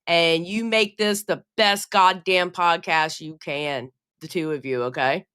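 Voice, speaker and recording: A woman drops into a casual podcast as a guest, explaining things plainly and cheering the hosts on. Her voice is bright and smooth. She sounds easygoing. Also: on the low side, fairly even intonation, measured pace.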